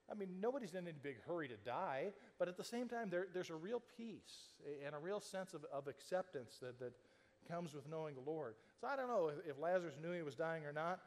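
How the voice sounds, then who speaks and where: A male pastor in the middle of a sermon, telling the story in a relaxed, conversational way and slipping into the voices of the people he quotes. His voice sits a bit high for a man, and it rings out with the long reverb of a large church hall. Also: normal speed. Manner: conversational storytelling, acting out quoted lines, with frequent restarts.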